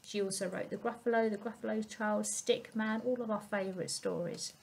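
A woman storyteller reading a picture book aloud to young children, expressive and asking them questions. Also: medium pitch, a little fast, gravelly. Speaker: family centre storyteller.

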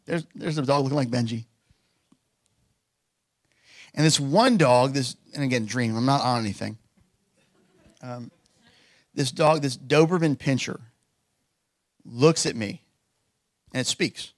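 A man's voice: mid-range voice, measured pace, long pauses, no echo. A man preaching a sermon as pastor, telling stories casually with lots of fillers and building to emphatic declarations. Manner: casual storytelling with many fillers.

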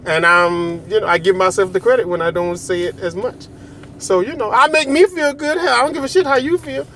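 A man's voice: high voice, brisk, a bit bright, a little hiss or hum. A man, talking casually to his viewers in a loose, joking way, repeating himself and laughing often. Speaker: vlogger. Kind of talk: casual direct-to-camera monologue.

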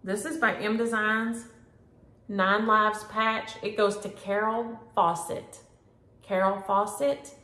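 A middle-aged woman talks in a homey, chatty way, sprinkling in y'all as she shows off her stitching and happy mail. Her voice sits at an ordinary pitch for a woman. It carries a noticeable echo from a room at home, picked up by a camera mic. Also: fairly bright tone. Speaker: flosstube host. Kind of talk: casual chat to camera. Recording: echoey room.

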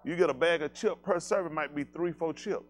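A man's voice: a little high, brisk. A man, preaching a loose, joking sermon and speaking straight to his congregation. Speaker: pastor. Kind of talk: casual sermon talk.

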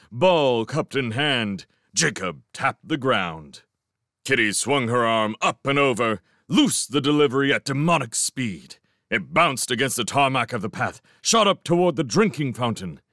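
A man reading a children's fantasy novel aloud, with expressive, dramatic storytelling. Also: on the low side, no room sound, clean studio sound. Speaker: audiobook reader. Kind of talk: scripted storybook narration.

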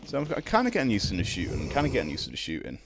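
A young Irish man streaming a video game, chatting casually with his viewers between drawn-out ums. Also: on the low side, huge pitch swings, background noise. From Ireland. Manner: laid-back, drawn-out ums, greets chat. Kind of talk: casual live-stream chat while gaming.

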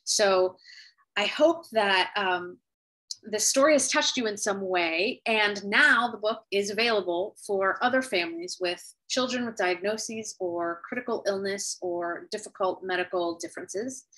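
A woman of ordinary pitch shares a personal story as an author, speaking straight to camera. She talks earnestly and from the heart, slowing down and pausing to reflect. It sounds like a video call. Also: fairly bright tone, rough recording. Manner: heartfelt, earnest, with pauses and slow stretches. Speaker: author sharing her story.

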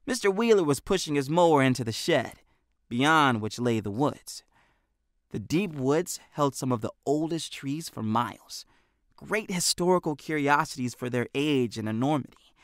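A male audiobook narrator tells a scripted story with expressive delivery at a medium pitch. He records in a booth, and the sound is dry and studio-clean.

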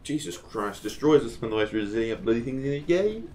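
A man giving casual gameplay commentary, chatting to himself as he plays and breaking into excited exclamations. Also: medium pitch, fast, a little hiss or hum. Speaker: gaming channel host.

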